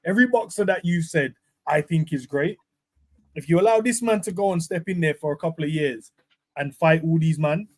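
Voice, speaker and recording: A man co-hosting a casual sports podcast, relaxed and slangy, laughing often as he talks. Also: a little high, brisk. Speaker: podcast co-host. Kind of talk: casual chat.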